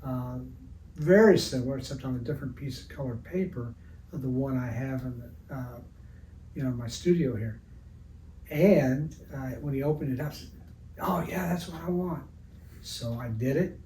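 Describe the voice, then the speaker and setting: Speaking mellowly at medium pitch and normal speed, a retired older art teacher from around Evansville, Indiana spins stories during an interview in his studio. His manner is rambling and anecdotal, and the sound is roomy, picked up by a distant mic with slight noise.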